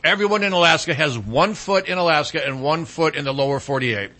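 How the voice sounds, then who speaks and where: A male talk show host with a high, bright voice, loose and jokey in casual banter. He rambles a bit, drops fillers and jumps between thoughts. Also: a little fast. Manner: animated, joking, trails off into fillers.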